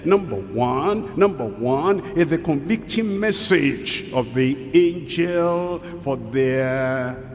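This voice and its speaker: A man preaching a sermon, reading scripture slowly with deliberate pauses. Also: animated. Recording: hall reverb, faint rumble.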